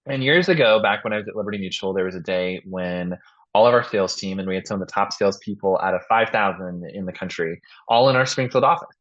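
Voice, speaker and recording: A man with a lowish voice hosts a casual podcast and tells long stories. He acts out the people in them with bright, animated bursts. The sound is dull and lo-fi. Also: fast talker. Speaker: podcast host.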